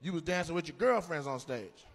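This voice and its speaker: A man's voice: fairly high pitch, fairly quick. Guy doing crowd work on stage, big swoopy voice, roasting folks in the audience. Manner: teasing, animated, bursts into loud exclamations. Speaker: stand-up comedian. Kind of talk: live stand-up crowd work.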